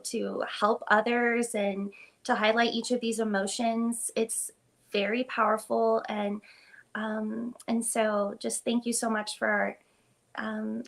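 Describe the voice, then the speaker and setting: A woman guest on a live-streamed chat, talking in a warm, gracious way with soft hesitations. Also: fairly high pitch.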